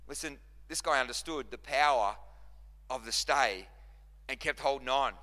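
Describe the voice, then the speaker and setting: Forceful man preaching in a hall. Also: mid-range voice, normal speed. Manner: impassioned preaching with repetition and restarts. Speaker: pastor. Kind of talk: sermon. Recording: long reverb of a large hall.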